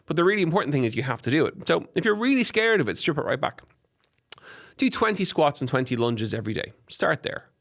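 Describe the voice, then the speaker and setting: A man with an Irish accent hosting a podcast, giving fitness advice in an energetic, encouraging way and listing examples in quick runs. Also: a little high. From Ireland. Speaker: podcast host and fitness coach. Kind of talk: solo podcast advice talk. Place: podcast studio.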